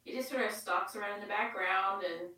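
A woman's voice: mid-range voice, fairly quick, pushed and bright. A woman co-hosting a casual chat with dry, wry remarks. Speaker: podcast co-host. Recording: echoey, distant from the mic.

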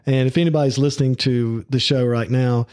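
A man's voice: medium pitch, fairly even intonation, fairly quick, darkish tone, dry recording, studio quality. A man with a Southern US accent hosting a casual podcast interview, chatty and friendly, laughing easily. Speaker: podcast host.

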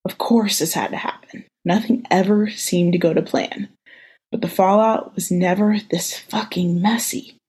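A woman hosting a podcast, reading a romance story aloud in an even, intimate way. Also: fairly low pitch, measured pace, breathy edge. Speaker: podcast host reading fan fiction.

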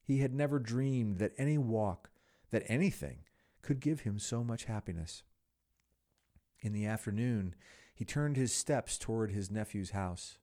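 Podcast host guy reading a story aloud, warm mellow voice, wry asides. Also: on the low side, measured pace. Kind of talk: storytelling narration.

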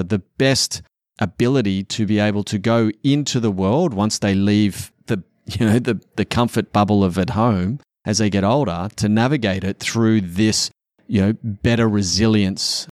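A man's voice: fairly low pitch, darkish tone, no room sound, studio quality. A middle-aged man talking candidly as a father on a podcast, earnest and often swearing. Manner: earnest, swears often, acts out quotes in a raised voice. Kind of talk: candid casual podcast talk.

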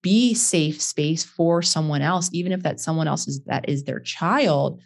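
A woman's voice: low voice, creaky. Thoughtful woman hosting a podcast. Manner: thoughtful, slow, searching for words. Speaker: podcast host. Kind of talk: interview questions.

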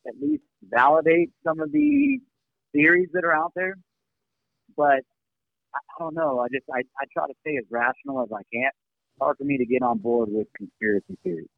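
A man joining a podcast discussion, speaking in a measured, hesitant way over a tinny line. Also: medium pitch, no room sound. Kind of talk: casual podcast chat.

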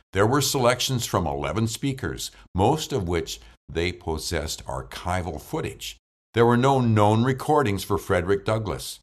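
A man hosting a podcast about voice acting, reading his script in a deliberate, measured way. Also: low-pitched. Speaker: podcast host and voice actor.

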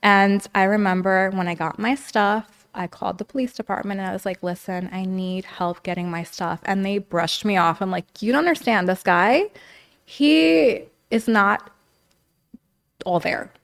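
A woman's voice: medium pitch, moderate pace. A young adult woman, a podcast guest, candidly telling her story in casual talk, often saying "like" and "you know". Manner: frequent "like" and "you know", reenacts quotes.

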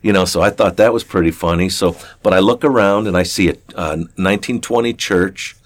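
An older man with a deep, low-pitched voice tells a story at an easy, rambling pace. He speaks casually and folksily, with plenty of "uh"s and restarts. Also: fairly quick. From southern Ohio. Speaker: interview guest.

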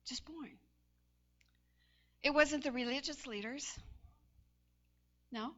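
A woman delivers a sermon in a relaxed, storytelling manner, her voice high and bright. She shifts from chatty anecdote into animated emphasis. The recording sounds somewhat dull and lo-fi. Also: slow pace. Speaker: preacher.

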